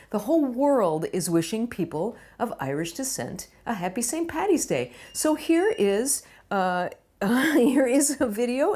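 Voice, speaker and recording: A woman's voice: medium pitch, a little mellow. Playful woman hosting a comedy talk show. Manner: playful and self-mocking, full of asides.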